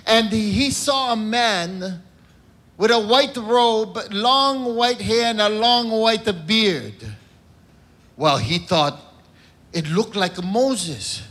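In character as a cardinal, a male comedian works through a stand-up set with a bright, high-pitched voice. Each joke comes out slow and measured, with a pause before the punchline and a moment for it to sink in.

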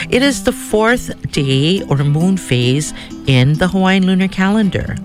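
A woman presenting a radio segment, reading a moon-phase almanac in a calm, measured way. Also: fairly low pitch.

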